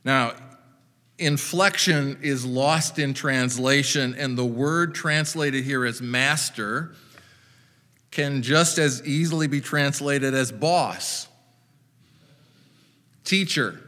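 A male pastor delivers a sermon at an unhurried, deliberate pace, adding dry, wry asides. His voice is bright and clear. A long reverb trails his words, as in a large hall. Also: medium pitch.

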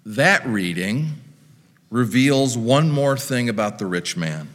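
A male preacher delivers a sermon at an unhurried pace, measured and reflective, with wry asides. His pitch moves freely up and down. The voice carries a long reverb, as if in a church. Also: expressive, fairly bright tone.

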